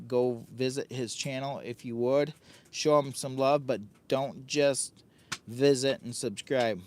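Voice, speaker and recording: An older man talks casually through a livestream from his hot tent on a windy day. He rambles in a friendly way, repeats phrases and talks about himself in the third person. Faint noise sits under his voice. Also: mid-range voice. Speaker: camping livestream host.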